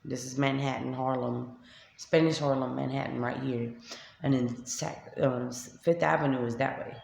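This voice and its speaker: A woman's voice: a bass voice, fairly even intonation, moderate pace, gravelly, a little mellow, echoey room, a little hiss or hum. A woman with a New York accent, a shelter resident venting to camera in a vlog, upset and tearful as she retells an argument. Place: shelter room by a street window.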